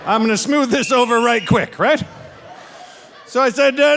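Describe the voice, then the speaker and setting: A man's voice: very high-pitched, normal speed, gravelly, pauses often, background noise. A man in his forties doing stand-up comedy, telling a rowdy story with constant "all right?" asides. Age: 40s. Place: comedy venue with a live audience.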